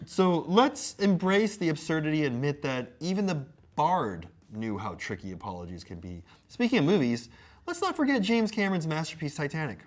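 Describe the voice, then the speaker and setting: A man's voice: on the high side, very animated, a little fast. A man reading a silly letter aloud in a theatrical, comedic way, breaking into amused laughs. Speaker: co-host.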